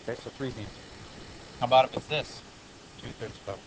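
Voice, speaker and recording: A man teaching high school math in a classroom lecture, explaining steps plainly and breaking off into joking asides. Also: fast talker, background noise.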